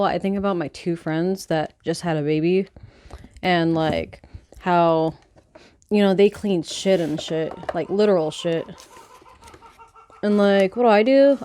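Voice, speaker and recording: A woman hosting a book club podcast in a rambling, excitable, casual chat, swearing freely, outdoors by a chicken coop and filmed on a handheld phone. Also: lowish voice, a little hiss or hum. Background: chickens clucking.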